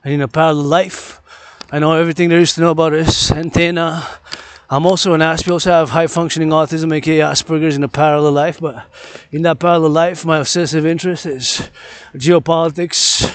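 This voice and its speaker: Man, fairly high voice, rambling vlog talk, repeats words over and over, outdoors on a mountain trail. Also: steady tone, a little fast, clear, resonant tone, dry recording. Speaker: vlogger.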